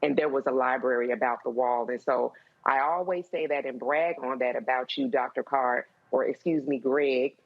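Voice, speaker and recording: A woman speaking as a panelist on a talk show, heartfelt and halting, with many fillers. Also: rumbling low, gravelly, phone-quality sound.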